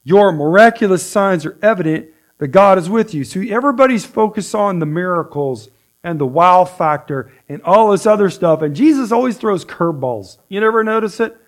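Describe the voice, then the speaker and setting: A man's voice: sits high, expressive, moderate pace. A man gives a casual sermon in a slightly raised voice. He talks in a loose, conversational way, often checking in with "right?", and reads scripture aloud before explaining it in his own words. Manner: conversational, with frequent "right?" and restarts. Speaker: pastor.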